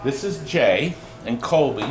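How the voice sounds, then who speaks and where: Man, shop host, playful teasing chat, lively swooping pitch, roomy echo, noisy background. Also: measured pace. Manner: playful, teasing, exaggerated outbursts. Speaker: host of a pinball shop channel. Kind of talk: casual joking chat on camera. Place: indoor arcade game shop.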